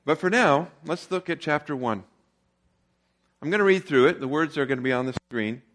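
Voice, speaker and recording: A male pastor preaches to his congregation in an easygoing, conversational manner, his voice sitting fairly high for a man. He tells stories and reads scripture with casual asides. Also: expressive, normal speed, fairly bright tone. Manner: conversational storytelling. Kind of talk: sermon.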